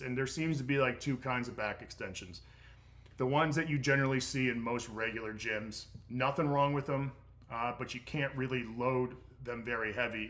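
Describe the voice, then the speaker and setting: A man's voice: mid-range voice, a bit bright. A middle-aged man answering viewer questions on a casual livestream, blunt and profane, rambling with lots of fillers.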